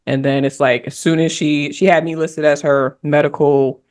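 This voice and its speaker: A woman's voice: low voice, level tone, moderate pace, darkish tone. Woman, podcast panelist, casual talk, candid, reflective storytelling.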